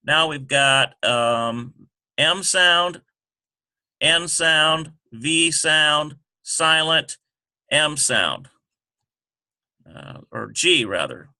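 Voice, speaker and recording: Halting man walking through a lesson. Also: on the high side, lively intonation, bright, forceful tone, no echo. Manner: halting, self-correcting, many ums. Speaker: teacher. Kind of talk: screen-recorded lesson walkthrough.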